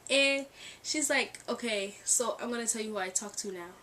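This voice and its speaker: A woman's voice: fairly high pitch, normal speed, distant mic. Young woman telling a story, set back from the mic. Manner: animated, acts out quoted dialogue, laughs often. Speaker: storytime vlogger. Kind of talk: casual storytelling. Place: bedroom near a street. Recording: mic set back, faint background ambience. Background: cars passing outside.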